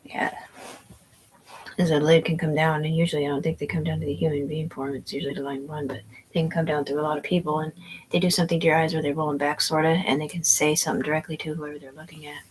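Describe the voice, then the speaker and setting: A woman's voice: sits low, level tone, quick pace, a little hiss or hum, low-quality recording. A woman telling a rambling story in casual chat, profane and meandering, full of fillers and restarts. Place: indoors at home.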